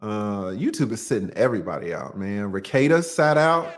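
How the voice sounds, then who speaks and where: A man's voice: lowish voice, animated, moderate pace. A man hosting a livestream, joking and laughing often as he reads viewer super chats aloud in casual chat.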